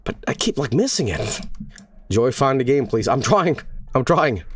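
A man's voice: mid-range voice, very animated, moderate pace, breathy edge, no room sound. A man streaming a video game, grumbling, swearing and chuckling at himself while he searches. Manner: frustrated, swearing, laughs at himself. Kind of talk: gaming stream commentary.

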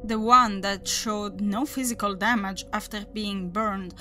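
A woman's voice: mid-range voice, fairly even intonation, unhurried, bright, forceful tone, soft background music. A woman narrating a horror story aloud, voicing the characters as she reads. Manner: dramatic reading, voices the characters.

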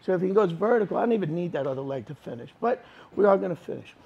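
In what sounds like a training gym, a man coaches a live jiu-jitsu class, demonstrating moves and explaining them in an informal, emphatic way. His high, husky, gravelly voice is expressive and very fast, and the recording is muffled.

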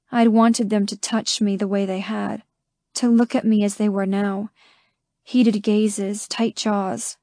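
A woman reading a first-person romance audiobook in a slow, intimate way. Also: medium pitch, warm tone, dry recording, studio quality. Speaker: audiobook narrator. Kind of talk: scripted first-person narration.

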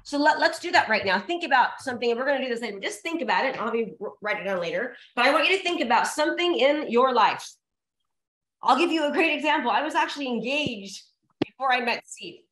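Speaking quickly with lively intonation and a fairly bright, high voice, a woman coaches real estate agents at a motivational seminar. She's intensely energetic, hammering home her points through repetition and shout-outs to the crowd, all echoing through the room.

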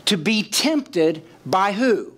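A man's voice: high voice, big pitch swings, very slow, a bit bright. A man preaching a sermon as pastor, asking the congregation questions and acting out quoted voices. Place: church sanctuary.

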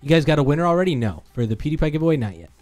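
Lively joking man co-hosting a stream. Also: on the high side, very fast, soft background music. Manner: playful, banters and sings snippets. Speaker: livestream co-host. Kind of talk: casual joking livestream chat. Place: studio.

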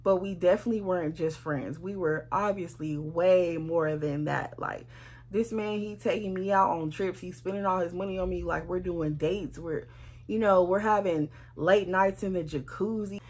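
A young woman from Arizona telling a casual storytime, animated and blunt, swearing freely. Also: fairly low pitch, moderate pace, husky. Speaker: vlogger.

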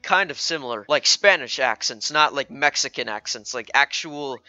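A man's voice: mid-range voice, animated, moderate pace, pushed and bright, no room sound, lo-fi sound. A man narrating a video game playthrough in a rambling, jokey way, stammering and repeating words. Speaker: gaming YouTuber. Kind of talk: let's play commentary.

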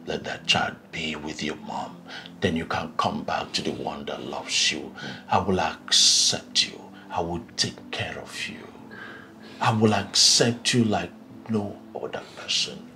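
A Nigerian actor playing a controlling husband in a film drama, talking slowly and swinging from hushed pleading to loud outbursts. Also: male voice, low-pitched, gravelly, faint music behind, heavily acted. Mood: coaxing. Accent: Nigerian English. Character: resentful controlling husband, man, adult.

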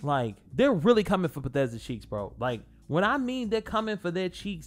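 Higher-voiced man, blunt rambling gamer. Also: big pitch swings, moderate pace, few pauses, faint music behind. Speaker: gaming channel host. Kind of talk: casual gaming commentary.

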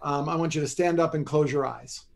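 A man as a podcast guest, explaining posture and exercise in an animated, joking coaching style. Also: fairly high pitch, brisk, gravelly. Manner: animated, joking, teaches by demonstration. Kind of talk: energetic coaching talk.

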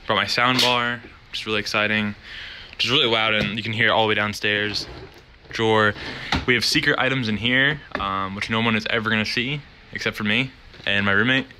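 A man's voice: on the low side, fairly even intonation, fairly quick, noisy background. A young man, a college student, rambling through a casual tour of his dorm room with lots of fillers, talking to a handheld camera. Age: young adult. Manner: rambling, filler-heavy, wanders off topic.

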